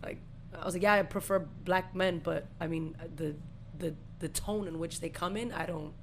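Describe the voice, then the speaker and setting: A woman's voice: lowish voice, steady tone, moderate pace, slight background noise. A young woman in her twenties, co-hosting a podcast, telling a story in casual, profane slang. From Puerto Rican family. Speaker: podcast co-host.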